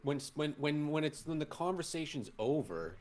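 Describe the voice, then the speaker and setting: A man's voice: a little high, expressive, normal speed, darkish tone, a little hiss or hum. A man co-hosting a casual live stream, talking in loose, rambling sentences full of restarts. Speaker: co-host.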